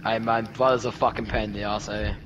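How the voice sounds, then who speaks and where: A man's voice: on the low side, flat delivery, a little fast, highs cut off, background noise. Swearing man in game voice chat. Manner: crude, swearing banter. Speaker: gamer in voice chat. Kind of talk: casual gaming voice chat. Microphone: gaming headset.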